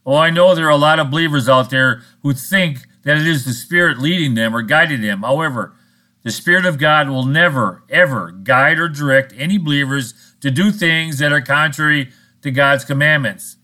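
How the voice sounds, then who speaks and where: A man's voice: fairly high pitch, moderate pace, pushed and bright. A man preaching a sermon in a blunt, scolding, sarcastic manner. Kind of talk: recorded sermon monologue.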